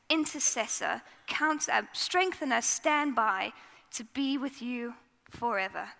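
A woman's voice: on the high side, creaky, pushed and bright, big-room sound. A woman giving a conversational, earnest sermon in a church. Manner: earnest, conversational preaching with fillers. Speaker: preacher.

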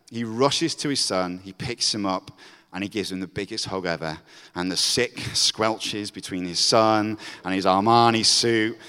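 A man's voice: mid-range voice, sharp tone, clear, resonant tone. A man preaching a storytelling sermon, acting out the characters' voices as he goes. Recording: reverberant hall.

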